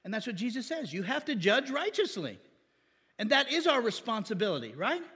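A man's voice: very high voice, very animated, brisk, fairly bright tone, husky, big-room sound. A man preaching as pastor, often calling for an amen from the congregation. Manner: call-and-response asking amen. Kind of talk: sermon.

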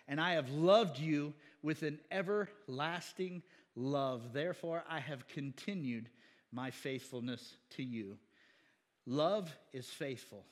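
A man preaching a sermon in an animated, chatty way, laughing often and voicing quoted people. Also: fairly high pitch, big-room sound.

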